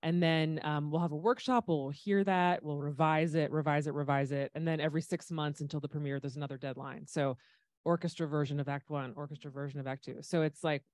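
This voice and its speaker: A woman's voice: low voice, steady tone, fairly quick, a little mellow, dry recording. A woman composer on a discussion panel, explaining her music in a chatty way with frequent ums.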